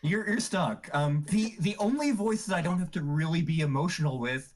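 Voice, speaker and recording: Animated, rambling podcast host. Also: mid-range voice, moderate pace, hardly any pauses. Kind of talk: casual group podcast chat.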